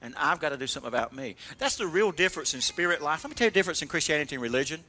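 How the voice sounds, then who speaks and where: A male pastor preaching a sermon in animated storytelling with call-and-response, often laughing as he tells stories. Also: fairly high pitch, racing. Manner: laughs while telling stories.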